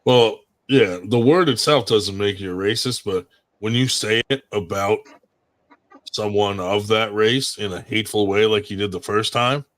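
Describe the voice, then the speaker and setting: Low-ish voiced dude swearing a lot, rambly podcast host talk. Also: male voice, moderate pace. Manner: profane, rambling and animated. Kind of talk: casual podcast chat.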